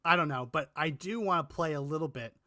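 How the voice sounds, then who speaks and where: A man's voice: on the high side, brisk, sharp tone, no room sound, studio quality. A man hosting a casual political chat show, meandering and restarting his sentences with the odd chuckle. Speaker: podcast co-host.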